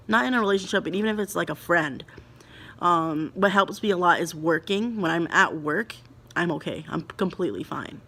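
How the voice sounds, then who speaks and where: Halting, earnest young woman vlogger. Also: lowish voice, a bit bright. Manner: halting, many restarts and fillers of "like". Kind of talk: confessional talk to camera. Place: alone at home.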